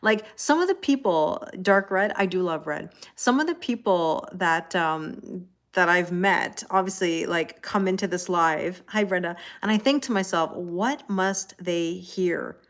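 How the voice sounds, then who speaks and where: With a lowish voice and a slightly slow pace, this Canadian woman, who has a Canadian accent, hosts a relaxed tarot reading on a live stream. She's chatty, laughs often, and answers viewers' comments.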